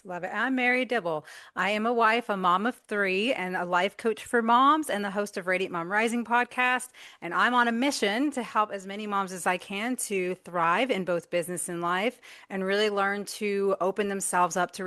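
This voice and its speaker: A woman's voice: mid-range voice, pushed and bright. A woman who hosts a podcast and coaches moms, speaking in an affirming, reflective way in a casual panel chat.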